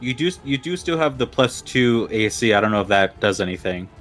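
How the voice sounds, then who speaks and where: A man's voice: mid-range voice, expressive, fairly quick, fairly bright tone, soft background music. A young man player, hesitant and laughing as he decides his moves. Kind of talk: casual chat while playing.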